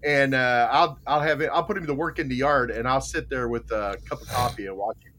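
A man's voice: mid-range voice, fairly quick, bright, forceful tone. An older man hosting a casual morning show, rambling through stories with chuckles and repeated phrases. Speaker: host.

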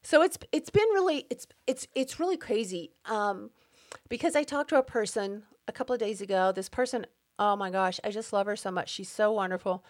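A woman's voice: mid-range voice, brisk. Indignant woman venting on a podcast. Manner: indignant, emphatic, worked up. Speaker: podcast host. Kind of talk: personal monologue.

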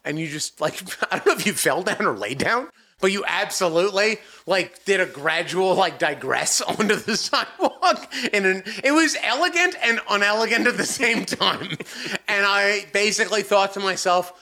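A man co-hosting a podcast, telling a long story in a profane, animated way with mock-angry outbursts. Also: sits high, normal speed. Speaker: podcast co-host. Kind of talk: casual storytelling chat.

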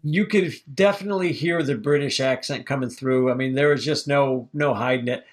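A man co-hosting a casual film podcast, animated and quick to laugh, often acting out what others said. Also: mid-range voice. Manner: animated, laughs and acts out quoted voices. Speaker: podcast co-host reviewing films. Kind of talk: casual chat.

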